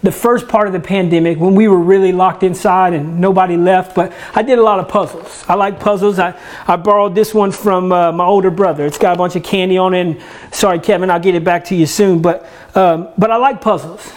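A man's voice: high voice, steady tone, fairly quick. A man who leads a church ministry, giving a casual sermon from his own home. He talks in a conversational way, often restarts words and jokes about himself. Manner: conversational, restarts words, self-deprecating humor.

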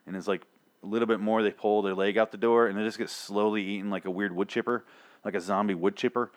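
A man's voice: fairly low pitch, fairly even intonation, fast. A man hosting his own podcast, ranting profanely through a solo TV episode recap with exasperated outbursts. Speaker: podcast host.

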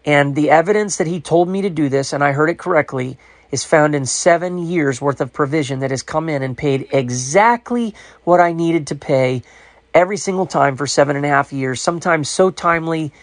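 Earnest man with a higher voice. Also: fairly quick. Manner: earnest, reflective. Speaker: podcast host with a ministry. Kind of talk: personal religious commentary.

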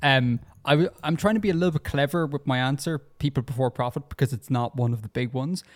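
A man's voice: mid-range voice, fast. A man from Ireland chatting on a casual podcast quiz, joking and hedging his answers. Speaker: podcast co-host, quiz player.

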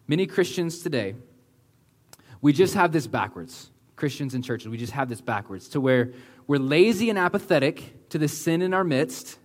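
Earnest young-sounding pastor preaching casually. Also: male voice, medium pitch. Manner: earnest, conversational preaching with many "like" and "right?" asides; slows down and drops to a hush for emphasis. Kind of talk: sermon.

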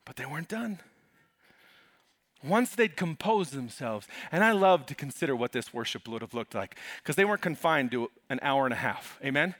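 A man pastor preaching a sermon in an animated, humorous way, calling out to the congregation. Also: medium pitch, moderate pace, dry recording.

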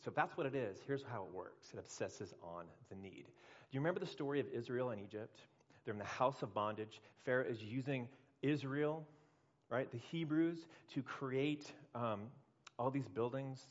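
Animated preaching man, slightly muffled. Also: medium pitch. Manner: animated preaching, acting out quoted voices. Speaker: pastor. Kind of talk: sermon.

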